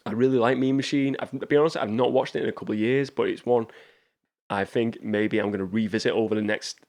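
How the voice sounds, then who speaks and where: A man with a slightly low voice talks through film picks in a loose, chatty manner. He rambles from one thought to the next like a channel host speaking straight to his viewers. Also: a little mellow. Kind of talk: casual movie review talk.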